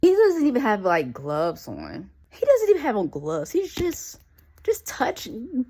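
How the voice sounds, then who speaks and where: A young woman talks through an episode she is watching, full of slang and incredulous side comments. Her pitch swings widely and expressively as she reacts. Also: wildly swooping pitch, moderate pace, warm tone. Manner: sarcastic, incredulous asides to the viewer; slangy, conversational. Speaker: reviewer recapping an episode. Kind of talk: casual recap commentary.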